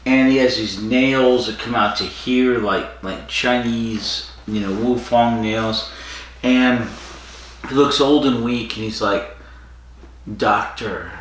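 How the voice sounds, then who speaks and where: A man's voice: mid-range voice, slow. Man chatting in a very echoey room. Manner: animated retelling, acts out characters' lines. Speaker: podcast co-host. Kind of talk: casual chat recapping an episode. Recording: very echoey room with faint noise.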